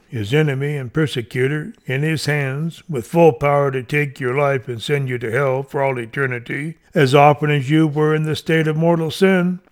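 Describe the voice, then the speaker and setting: A man reading an old devotional sermon aloud in a solemn, emphatic way, lifting his voice on each turn of the argument. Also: fairly high pitch. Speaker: reader of a devotional text.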